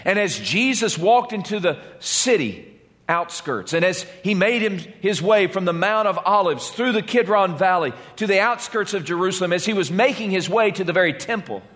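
Pastor, male, passionate sermon delivery, lively voice with long hall reverb. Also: high voice, normal speed. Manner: impassioned, dramatic preaching.

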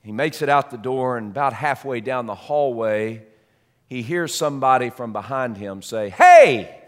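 A man preaching a sermon as a story, dramatic, swinging between loud and soft. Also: mid-range voice, moderate pace. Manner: dramatic, shifts loud and soft, repeats words.

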